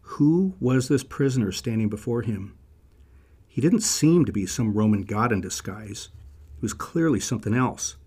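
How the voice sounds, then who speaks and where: Guy teaching a bible lesson, chatty storyteller, medium pitch. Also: animated, normal speed, warm tone, breathy edge. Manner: vivid, conversational storytelling.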